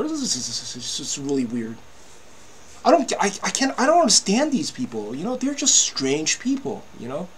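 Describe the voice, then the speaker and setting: A man in his fifties delivers an agitated monologue to camera in a high, swooping voice. He stumbles over restarts, leans on "you know" and curses casually. His pitch leaps up and down as he complains. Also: fairly bright tone, slight background noise. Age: 50s. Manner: swears freely. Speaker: vlogger.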